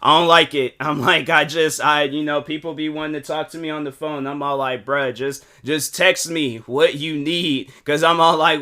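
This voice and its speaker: A man's voice: a little high, bright, forceful tone. A young man hosting a solo podcast, rambling casually with slang, lots of fillers and restarts, and acting out both sides of phone calls. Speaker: podcast host.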